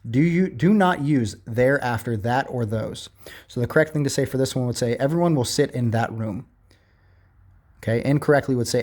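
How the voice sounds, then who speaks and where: A man teaching grammar to his class, reading workbook examples aloud and then walking through them in a patient, repetitive way. His pitch sits at an ordinary middle height for a man, and he keeps checking in with "okay?" and "all right?". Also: a little mellow.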